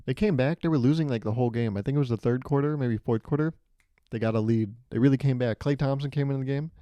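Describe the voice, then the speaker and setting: Talking fast in a dark-toned, medium-pitched voice, a young man runs a solo comedy podcast, rambling, poking fun at himself, and cracking himself up. The recording is dry, made on a studio microphone with headphone monitoring.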